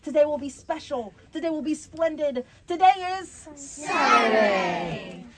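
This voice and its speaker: A woman's voice: high voice, fairly even intonation, fairly quick, warm tone, close to an everyday voice. A woman reading as a cheery reassuring mom. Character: cheerful reassuring young mother.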